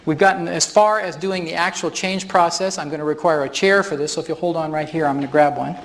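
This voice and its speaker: A man's voice: on the high side, fairly even intonation, fast, gravelly, fairly bright tone, a little hiss or hum. A man presenting a live stage demonstration at a workshop, explaining as he goes and chuckling often. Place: large hall with audience. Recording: reverberant hall.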